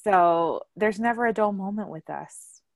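A woman's voice: mid-range voice, a little slow, no room sound, studio quality. A young adult woman hosting a casual family chat, telling stories with lots of laughter. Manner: animated storyteller, laughs often, acts out quotes loudly. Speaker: podcast host.

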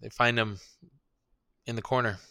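A man co-hosting a casual podcast chat, making deadpan dark jokes. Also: medium pitch, normal speed, creaky. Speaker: podcast co-host.

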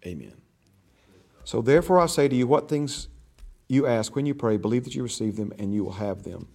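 A man's voice: mid-range voice, expressive, brisk, vocal fry, warm tone. Older man teaching a church class. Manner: conversational, storytelling, acts out quoted voices.

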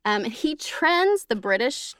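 A woman co-hosting a podcast in casual chat, relaxed and agreeable. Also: a little high, measured pace, clear, resonant tone, no room sound, studio quality. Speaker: podcast co-host.

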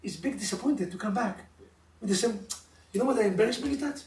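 A man's voice: high-pitched, fast talker. A middle-aged man with an Israeli accent, a rabbi teaching a couples class, telling stories animatedly in broken English. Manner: animated storytelling, mimics voices, broken English. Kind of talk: informal religious class with stories. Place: room of a live-streamed class. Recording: echoey room, distant mic, faint noise.

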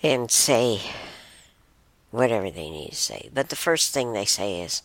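A woman's voice: rumbling low, big pitch swings, unhurried, no echo. A woman hosting a show, casually telling a personal story in a rambling way, often restarting and correcting herself. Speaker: show host.

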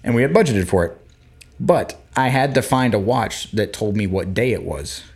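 A man with a fairly low voice chats casually into a desk microphone. He is animated, telling anecdotes and acting out small moments as he goes. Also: moderate pace, breathy edge. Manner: chatty, animated, acts out little scenes. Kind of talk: casual chat.

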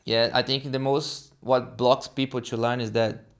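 A young adult man from Brazil, Portuguese being his first language, with a Brazilian accent, being interviewed and animatedly acting out quoted dialogue in halting English. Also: mid-range voice, clear, resonant tone. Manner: animated, acts out quoted dialogue, halting non-native phrasing. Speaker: guest. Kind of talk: casual storytelling interview.

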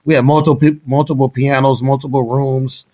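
A middle-aged man from Houston, a drummer, telling stories in a casual interview. He talks in an animated way, laughs often and imitates the people he quotes. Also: medium pitch, moderate pace. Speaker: guest musician, drummer.

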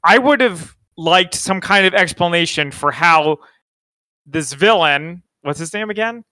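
Wry, high, bright-voiced male co-host. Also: animated, unhurried, no echo. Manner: wry and joking, asks pointed questions. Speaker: podcast co-host. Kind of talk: casual chat.

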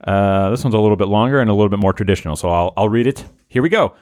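A man's voice: on the low side, very fast, a little mellow, no echo, studio quality. A man hosting a comedy podcast, reading listener-written scripts aloud and laughing often. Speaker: podcast host.

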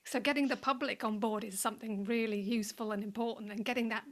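Female host, slightly high voice, thoughtful and rambling questions. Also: fairly even intonation, fast talker. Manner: thoughtful, rephrasing questions as she goes. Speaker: interviewer. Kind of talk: interview questions.

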